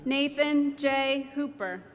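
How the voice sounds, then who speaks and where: A woman slowly and steadily reads out graduate names one by one over a podium microphone in a large commencement hall. Her pitch is high, and heavy background noise mixes with strong echo and a loud crowd.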